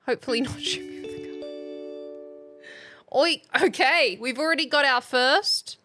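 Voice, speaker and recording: A woman's voice: high-pitched, moderate pace, pushed and bright, soft background music. A woman streaming as a playful mock substitute teacher, chatting casually and reading out viewers' names.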